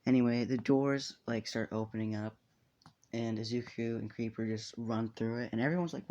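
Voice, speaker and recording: Brief: laid-back guy narrating a fan story, mellow voice, loose and profane. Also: mid-range voice, flat delivery, normal speed, lo-fi sound. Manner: rambling, laughing, swearing often. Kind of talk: casual fan story retelling.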